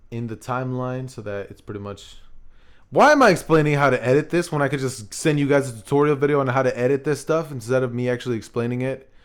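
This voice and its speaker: A man's voice: mid-range voice, clear, resonant tone. A man talking in a laid-back, rambling way, with fillers and self-mocking asides, as he explains his video-making process in a casual tutorial. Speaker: YouTuber. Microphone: XLR studio microphone.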